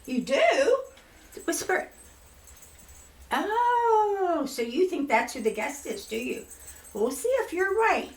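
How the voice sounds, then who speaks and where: An older woman hosting a children's storytime show, talking to puppets in a gushing, animated way. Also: very high-pitched, slow, long pauses, roomy sound, low-quality recording. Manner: gushing, sing-song and animated. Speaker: storytelling host.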